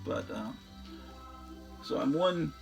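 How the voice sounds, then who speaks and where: A man's voice: mid-range voice, lively intonation, extremely slow, creaky, faint music behind. A man hosting a show, chatting casually and enthusiastically about his record collection in a rambling way, often trailing off into fillers.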